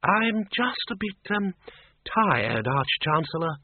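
Man doing a tired old zombie wizard, slow and apologetic, husky, tinny lo-fi. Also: fairly high pitch, very animated, dry recording, voice pushed up, full character voice. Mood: weary. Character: weary old male zombie wizard, polite and wistful. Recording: thin tinny lo-fi sound.

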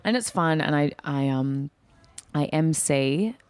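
A young woman in her twenties, chatting casually about her performing work, self-deprecating and lively whenever she quotes herself. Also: sits low, slow pace, no echo. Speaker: guest, performer and MC. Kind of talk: casual chat.

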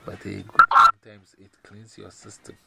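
A man chatting casually on a call, rambling in broken pidgin English and often laughing. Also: normal speed. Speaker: caller. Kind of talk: casual chat. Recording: loud noisy call recording.

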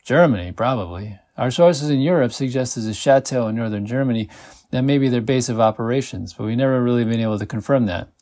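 A man's voice: mid-range voice, quick pace, darkish tone, lightly acted. A man voicing a blunt, weary middle-aged FBI agent who talks in a matter-of-fact way. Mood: gruff.

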